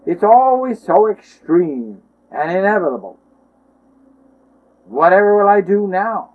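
A man's voice: high voice, big pitch swings, measured pace, pitched above the performer's own voice. A man voicing a pleading, despairing young male seeker who talks in anguish. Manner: anguished, wailing. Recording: tinny phone-line sound.

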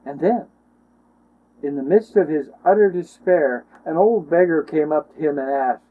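A man's voice: on the high side, normal speed. A man telling a story aloud, dramatic and emotive, often starting lines with oh or well. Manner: emotive, with many ohs and wells. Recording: tinny phone-line sound.

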